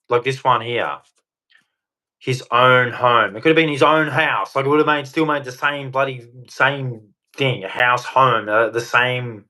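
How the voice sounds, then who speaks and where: Guy streaming from a home studio, rambly and blunt, swears a bit, mid-pitched voice. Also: sharp tone. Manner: blunt, rambling, mildly crude, self-interrupting. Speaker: live stream host. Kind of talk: casual live stream rant.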